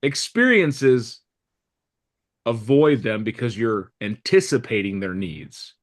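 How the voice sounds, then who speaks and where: Before a live audience, a man delivers real estate training slowly in a mid-range voice. His style is blunt and energetic; he imitates the voices of staff and customers and sneaks in crude humor.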